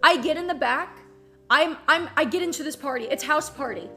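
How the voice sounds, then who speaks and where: A young woman streamer telling a story in a casual, animated and profane way, full of "like". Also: sits high, fairly quick, soft background music.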